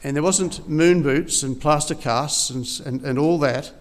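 A man's voice: on the high side, a little slow. A man preaching a sermon, retelling a Bible story conversationally with frequent restarts and repeated words.

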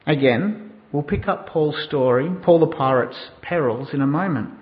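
A man preaches with a high voice, asking his listeners questions and weaving a story into the sermon. His words ring out with a long hall reverb, and the recording has a dull, muffled tone. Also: normal speed.

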